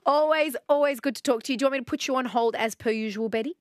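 A woman's voice: sits high, rapid-fire, no room sound, clean studio sound. An Australian woman hosting casual talkback radio, bubbly and chatty, laughing often. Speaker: radio host.

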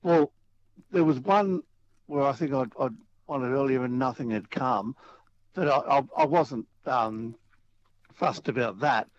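A man calling in to a radio quiz, speaking in a hesitant, halting way. His voice sits in a middle range. The line sounds muffled and lo-fi, like an old phone call. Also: mid-range voice, dry recording. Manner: hesitant, many fillers and restarts. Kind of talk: casual phone chat.

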